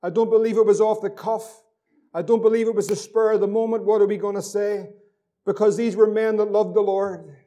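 A man's voice: sits high, fairly even intonation, brisk, mellow. A man preaching a fervent sermon as pastor, repeating phrases and reading scripture aloud.

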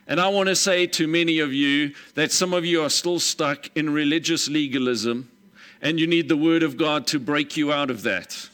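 A male pastor preaching an emphatic sermon, retelling scripture scenes in a lively storytelling way. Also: fairly high pitch, moderate pace, clean tone.

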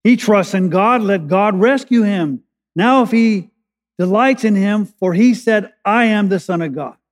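A man preaching a sermon as a pastor, with slow emphatic pauses that build to urgency. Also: sits high. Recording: echoey hall with long reverb.

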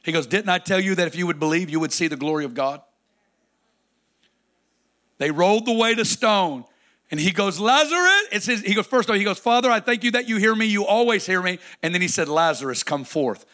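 Bright high-voiced man preaching. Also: brisk. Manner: dramatic, swings from loud to hushed. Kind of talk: sermon.

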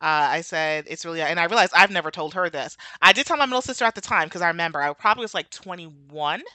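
A woman's voice: fairly low pitch, fast, bright, forceful tone, no echo. A woman in her thirties from the New York area, co-hosting a podcast and candidly telling a personal story to listeners. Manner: candid, chatty, addresses listeners directly. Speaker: podcast co-host.

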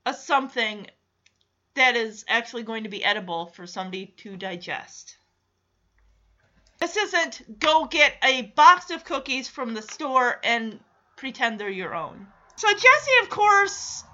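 A woman's voice: high-pitched, sharp tone, muffled recording. A woman recapping a TV episode with sarcastic, exasperated commentary.

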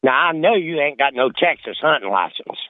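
A man on a phone line voicing a gruff, suspicious game warden who keeps calling people boy. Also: on the high side, lively intonation, fairly quick, no room sound, lightly acted. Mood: stern. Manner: drawling, bossy, calls everyone boy.

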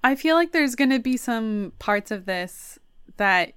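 A woman's voice: fairly high pitch, animated, a little slow, fairly bright tone, smooth, no room sound. A woman co-hosting a podcast in casual chat, enthusiastic and a bit rambling. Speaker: podcast co-host.

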